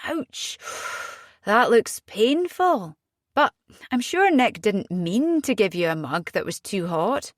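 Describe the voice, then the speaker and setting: A woman's voice: mid-range voice, very animated, takes it slowly, no room sound, studio quality. A woman voicing a weary husband in an audiobook, reasoning in an exasperated way without much change to her own voice. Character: weary, defensive husband and father.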